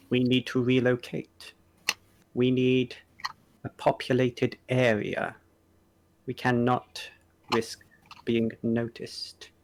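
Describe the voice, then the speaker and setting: A man voicing three blank, emotionless collectors who speak in a flat monotone. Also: mid-range voice, gravelly, slight background noise.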